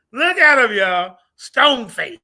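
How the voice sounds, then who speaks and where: A man giving loud, crude, taunting commentary over a video call during a debate stream. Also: extremely high pitch. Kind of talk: mocking live commentary.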